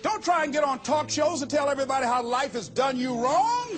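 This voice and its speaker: A man's voice: very high-pitched, animated, brisk, a crowd in the background. A man giving a motivational speech to a live audience, blunt and wry. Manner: blunt, plain-spoken, wry. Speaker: motivational speaker. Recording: live audience recording with music over it.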